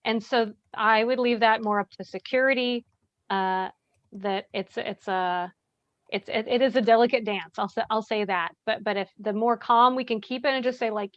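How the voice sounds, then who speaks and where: A woman calmly explaining how to handle tense situations, often checking in with "right?". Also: medium pitch, moderate pace, no echo. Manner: calm, explanatory, many "right?" tags. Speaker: bystander intervention trainer. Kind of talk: workshop discussion, answering questions. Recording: dry, dull lo-fi sound.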